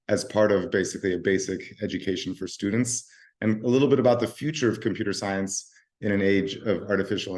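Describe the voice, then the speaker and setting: Middle-aged guy, a bit hoarse, lowish voice, chatting thru a video call w lots of uhs. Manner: relaxed, talks with fillers and restarts. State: hoarse from voice overuse. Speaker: guest speaker, nonprofit founder. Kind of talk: live-stream presentation.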